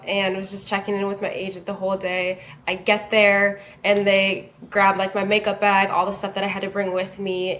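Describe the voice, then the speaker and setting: Guest: young woman, mid-range voice, animated, filler-heavy storytelling, faint background noise. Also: mid-range voice. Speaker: podcast guest. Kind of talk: casual storytelling chat.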